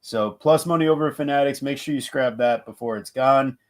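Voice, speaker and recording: Give me an animated, jokey man breaking down fight bets as co-host. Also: mid-range voice, normal speed. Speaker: podcast co-host and betting analyst. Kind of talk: casual fight-betting chat.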